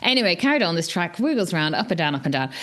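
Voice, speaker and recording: Lively woman telling a trail-running story. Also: rapid-fire. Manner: animated, acts out quotes with big pitch jumps; laughs often, many restarts. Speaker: podcast co-host. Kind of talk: casual storytelling chat.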